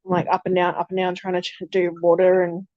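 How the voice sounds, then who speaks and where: A woman's voice: fairly low pitch, monotone, a little fast, darkish tone, no echo, muffled recording. A woman streaming casually while tending her fish tanks, chatty and self-deprecating, cooing to her fish. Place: home room with fish tanks.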